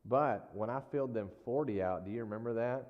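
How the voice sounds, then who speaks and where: A man's voice: medium pitch, a little fast. A man preaching in a casual, folksy storytelling style, with frequent asides to the congregation. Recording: dull lo-fi sound with long hall reverb.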